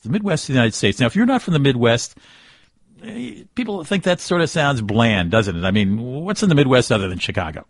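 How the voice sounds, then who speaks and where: Husky male radio host, dry close studio sound, easygoing delivery. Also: medium pitch, brisk, no room sound. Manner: relaxed conversational delivery with hesitations. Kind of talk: radio interview and read sponsor spot.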